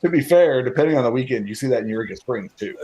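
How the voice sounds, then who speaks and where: A man co-hosting a live stream, ribbing his guest with quick, teasing banter. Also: medium pitch, lively intonation, mellow, breathy edge. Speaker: co-host. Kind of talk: casual live-stream chat.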